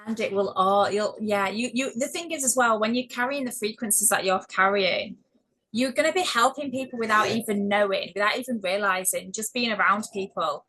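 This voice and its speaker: A woman's voice: mid-range voice, fairly quick, poor audio. A woman hosting a casual chat, speaking affectionately about spiritual matters. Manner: warm-spoken, affectionate, spiritual talk. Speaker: host.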